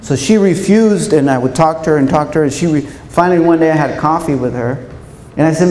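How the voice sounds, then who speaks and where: Animated man speaking in an echoey hall. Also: fairly high pitch, brisk. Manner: animated, acts out quoted voices. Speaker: keynote speaker. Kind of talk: storytelling speech to educators. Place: large hall with audience. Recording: echoey hall, faint room noise.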